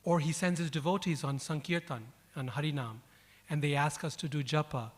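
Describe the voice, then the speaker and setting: A man's voice: fairly high pitch, fairly even intonation, brisk. Man giving a devotional talk in a reverberant hall. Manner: storytelling, reflective, repeats words for emphasis. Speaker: speaker. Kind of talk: devotional lecture. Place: event hall.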